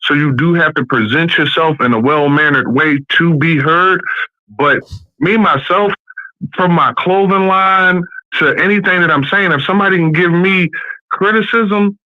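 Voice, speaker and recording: A bluntly ranting man with a fairly high voice, swearing freely. The sound is dull and lo-fi, dry, like a call-in. He talks from a bathroom at home. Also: normal speed, dry recording. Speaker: podcast guest. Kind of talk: casual opinionated chat.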